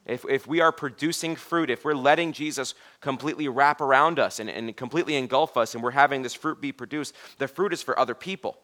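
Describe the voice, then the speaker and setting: A man's voice: mid-range voice, fast talker, few pauses. A man preaching a sermon in church, in a conversational way, often repeating his words. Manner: conversational, repeats words, drops to a soft voice for quoted lines.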